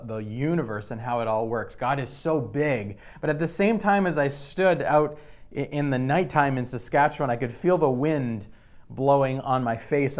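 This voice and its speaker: Conversational man preaching a sermon. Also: medium pitch. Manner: conversational, frequent restarts and repeated words. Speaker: pastor.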